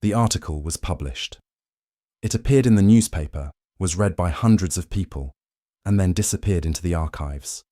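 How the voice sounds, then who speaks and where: Male narrator for a bedtime history piece: deep, mellow, dry studio read, unhurried and even. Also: no echo. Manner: calm, measured, even storytelling. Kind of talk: scripted second-person bedtime history narration.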